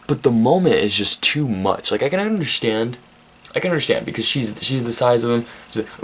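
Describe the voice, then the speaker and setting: Gravelly young man rambling about a movie. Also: mid-range voice, animated, fast talker. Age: 20s. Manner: rambling, profane, laughs often, many restarts. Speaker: vlog host reviewing a movie. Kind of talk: casual comedic movie recap.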